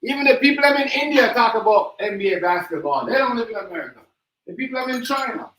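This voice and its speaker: A man's voice: extremely high pitch, animated, fast, fairly bright tone, a little hiss or hum, low-quality recording. A man hosting a reaction livestream, ranting in a heated, mocking way and repeating himself. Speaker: livestream host.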